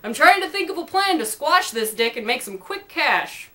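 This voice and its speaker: Woman playing a brash hairy-clump guy, blunt, loud, high, bright. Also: very animated, moderate pace, full character voice. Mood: annoyed. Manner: brash, shouting.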